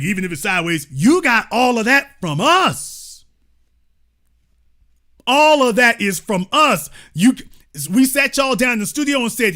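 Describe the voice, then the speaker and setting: The voice is very high-pitched, bright and forceful: a commentary show host in the middle of a heated monologue. He uses colloquial slang and keeps driving his points home with confrontational emphasis.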